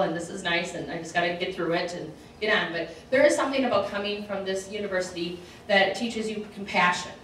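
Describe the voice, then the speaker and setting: A middle-aged woman, a state representative, giving an informal lunch speech and acting out the voices in her stories. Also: medium pitch. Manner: animated storytelling, acts out quoted voices. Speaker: state representative and alum speaker. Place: university event hall. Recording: echoey hall, far from the mic, faint noise.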